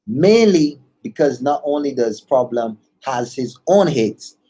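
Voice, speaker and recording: Bajan guy chilling in an interview, kinda husky, easygoing. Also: medium pitch, measured pace. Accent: Barbadian. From Barbados. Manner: relaxed, laid-back, chuckles. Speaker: guest singer-songwriter. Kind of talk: casual interview chat.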